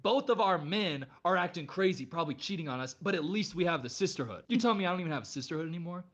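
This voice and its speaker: A woman's voice: fairly low pitch, expressive, quick pace. A woman hosting a reaction video, exclaiming and ranting in casual commentary. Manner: dramatic and exclamatory, with frequent outbursts.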